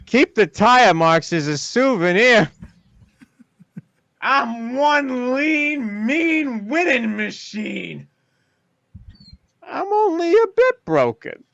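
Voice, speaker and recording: Game casting: showy robot stuntman, lively and slightly lo-fi, voiced by an actor. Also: mid-range voice, very slow, vocal fry, pauses often, full character voice. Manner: showman, excitable. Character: reckless robot stunt driver.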